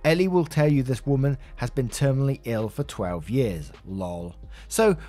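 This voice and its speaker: A man's voice: medium pitch, sing-song, moderate pace, mellow, soft background music. A man narrating a Reddit story in a conversational way, adding his own asides.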